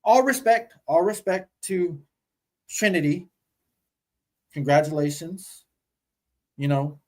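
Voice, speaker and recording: A man's voice: on the high side, animated, takes it slowly, low-quality recording. A man co-hosting a podcast, telling stories animatedly and swearing casually. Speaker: podcast co-host. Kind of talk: casual chat.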